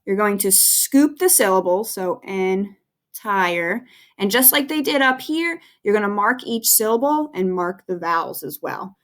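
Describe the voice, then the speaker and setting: A grade-school teacher, a woman, walks young kids through a recorded phonics lesson. She speaks slowly and clearly, with patient encouragement. Her voice sits at an ordinary pitch for a woman. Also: expressive.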